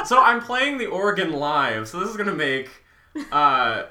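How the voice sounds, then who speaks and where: A man's voice: a little high, sing-song, a little slow, pushed and bright, roomy sound, soft background music. A man co-hosting a casual podcast, dry and sarcastic, joking between bits of keyboard playing. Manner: dry, sarcastic, jokey, plays keyboard while talking. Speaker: podcast co-host and musician. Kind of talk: casual chat.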